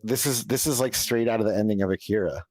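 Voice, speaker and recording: A man's voice: lowish voice, quick pace, a little mellow, dry recording. A man in casual group chat, asking questions and joking with hesitant restarts. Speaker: watch-along co-host.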